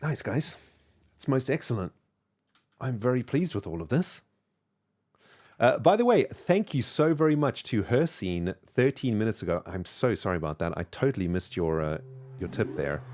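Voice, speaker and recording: Streamer, male, low voice, South African accent softened by British, chatty and rambling. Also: very animated, normal speed. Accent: mixed South African and British English. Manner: chatty, thanks viewers warmly, rambling with fillers. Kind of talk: casual live-stream chat while gaming.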